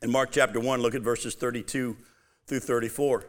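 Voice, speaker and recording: A man preaching a casual, animated sermon, reading scripture aloud and talking it through with his listeners. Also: medium pitch, normal speed. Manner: animated, conversational, reads scripture aloud with emphasis. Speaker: pastor.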